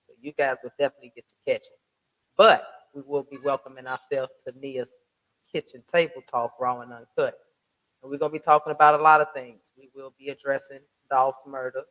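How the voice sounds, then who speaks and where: Using a home desk mic and soundboard, this male vlog host delivers casual commentary in a mid-range, slightly bright voice. He rants hard, swearing and using slang, firing off rhetorical questions and tripping into stammered restarts.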